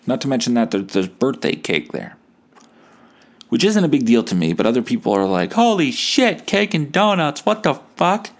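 In a lowish, slightly mellow voice, a young Canadian man rants casually on his solo podcast. He is hungover, and his talk wanders, dripping with sarcasm and swearing.

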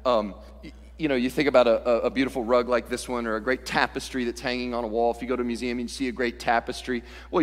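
Animated preacher with a ringing voice. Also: male voice, medium pitch, in a large hall. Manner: animated, swings from loud to hushed, acts out quotes. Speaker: pastor. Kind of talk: sermon.

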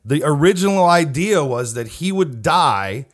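A man's voice: on the high side, expressive, unhurried. A man co-hosting a casual chat podcast, telling anecdotes in a chatty way and laughing often as he goes. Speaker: podcast co-host.

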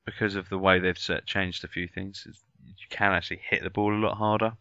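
A man's voice: sits low, little pitch movement, fairly quick, gravelly, sharp tone, no echo. A man from Surrey with a southern English accent, co-hosting a casual podcast and explaining in loose sentences full of fillers. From Surrey, England. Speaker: podcast co-host. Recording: slightly muffled dry recording.

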